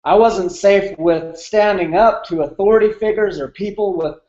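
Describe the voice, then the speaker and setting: A man's voice: high-pitched, moderate pace, darkish tone, echoey room, dull audio. A man in his thirties telling a candid, emotional personal story as an interview guest, with many fillers. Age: 30s.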